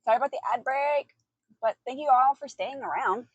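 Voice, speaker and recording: A woman's voice: high voice, brisk, breathy edge, dry recording, muffled recording. A woman livestreaming from an outdoor hot tub, chatting casually with her audience and giggling often. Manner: chatty and giggly, reacting to chat. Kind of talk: casual chat with a live audience.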